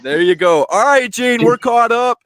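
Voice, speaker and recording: A man's voice: very high-pitched, expressive, moderate pace, fairly bright tone, dry recording. A man hosting a casual live stream from home, chatting, reading out viewer comments and laughing often. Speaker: show host.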